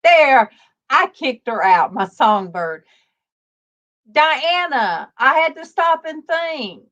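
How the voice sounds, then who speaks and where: A woman hosting a casual faith-based livestream, telling stories slowly with many fillers over a video call. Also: high-pitched, big pitch swings. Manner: rambling, warm storytelling with many fillers. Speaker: livestream host. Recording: dull lo-fi stream audio.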